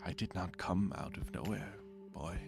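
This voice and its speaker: A man voicing a frail, hooded old man who speaks in a slow, half-whispered hush. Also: low voice, creaky, loud music behind the voice. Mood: hushed, mysterious. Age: older.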